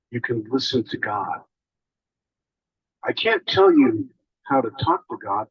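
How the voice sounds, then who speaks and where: A man gives a spiritual talk to a gathering, pausing often as he goes. His voice is husky and a little breathy, and the emotion shows in his words. The recording sounds dull and lo-fi. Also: mid-range voice. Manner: emotional, halting, with long pauses. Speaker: speaker.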